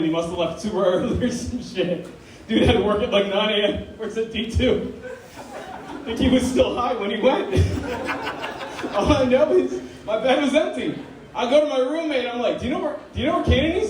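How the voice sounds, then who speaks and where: Young male college comic, high voice, giggly storyteller, recorded far off in an echoey room. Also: noisy background. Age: young adult. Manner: animated storytelling, laughing through his lines. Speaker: club president and comedian. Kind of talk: stand-up comedy. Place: campus comedy venue. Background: audience laughing.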